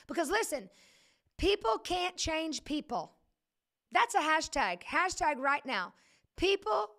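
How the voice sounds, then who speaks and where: A woman's voice: high-pitched, sing-song, slow pace, creaky, fairly bright tone. A woman leading a casual livestream Bible study, preaching in a chatty, joking way that keeps wandering off into digressions.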